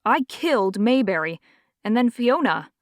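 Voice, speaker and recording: A woman's voice: on the high side, sing-song, unhurried, no echo, studio quality. A woman narrator voicing a bewildered young man who has just come out of a possession, in an audiobook. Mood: insistent. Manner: bewildered, accusing. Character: young man, shaken and confused after possession.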